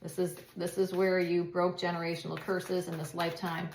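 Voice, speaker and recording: A woman's voice: on the low side, level tone, normal speed, darkish tone, slight background noise. Chatty lady reading tarot cards, talks loose and swears a bit, echoey room. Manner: chatty, repeats and restarts, laughs, swears. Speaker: tarot reader. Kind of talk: casual tarot reading monologue.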